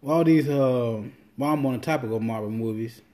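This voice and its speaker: Dude with a mellow voice rambling on his podcast, cussing a lot, acting out what people said. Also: mid-range voice, brisk. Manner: loose, rambling, swears freely, acts out quotes. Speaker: podcast host. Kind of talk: casual monologue.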